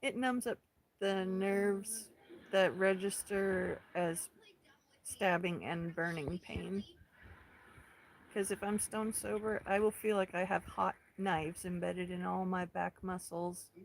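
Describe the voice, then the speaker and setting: A woman in her thirties from Central California hosts a casual livestream. She talks in a calm, unhurried way and answers viewer comments one by one. Her voice is middle-pitched with a steady gravelly fry. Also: rough recording. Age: 30s. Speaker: livestream host.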